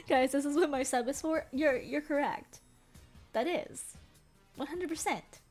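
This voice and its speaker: With faint music in the background, a young woman chats casually on her live stream, rambling and laughing often. Her voice is high-pitched and a little mellow, and her pace is a little slow. She giggles between her sentences.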